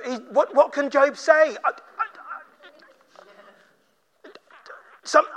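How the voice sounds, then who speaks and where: High-voiced man preaching a sermon. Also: a bit bright. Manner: conversational, acts out quoted voices. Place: church.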